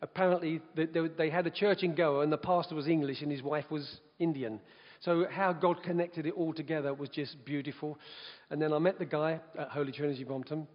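Man, high voice, lively testimony storytelling, laughs a lot, long hall echo, dull muffled sound. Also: a little fast, few pauses. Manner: lively, laughs often between phrases. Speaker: evangelist giving his testimony.

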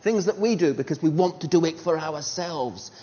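Preacher guy, slightly high voice, bouncy storytelling, dull muffled sound. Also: normal speed. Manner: animated, rhetorical questions, self-deprecating humour. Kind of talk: sermon with storytelling. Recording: dull sound with long hall reverb.

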